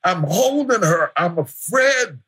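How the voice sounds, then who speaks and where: A man preaching a sermon as pastor, building to shouts through repeated refrains. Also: high voice, very animated, slow, slightly rough.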